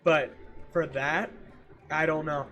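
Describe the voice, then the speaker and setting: A man streaming and chatting casually with viewers, ranting in an animated, exasperated way and repeating himself for emphasis. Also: a little high, slow, slight background noise. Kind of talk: casual livestream chat with viewers.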